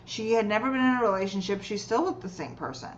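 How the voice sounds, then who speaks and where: A woman healer and coach, a guest, telling client stories in a lively way and acting out what people said. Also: medium pitch, quick pace, highs cut off, a little hiss or hum. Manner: lively, acts out quoted voices while telling client stories. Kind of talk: conversational storytelling.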